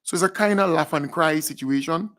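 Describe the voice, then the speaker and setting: A man co-hosting a live online talk show, chatting easily with pauses and asides. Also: fairly high pitch, fairly bright tone. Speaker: co-host. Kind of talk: casual live chat.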